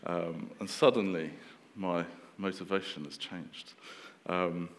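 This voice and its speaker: A man in his thirties preaching a sermon in a relaxed, conversational way, with fillers and restarts. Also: low-pitched, takes it slowly, big-room sound.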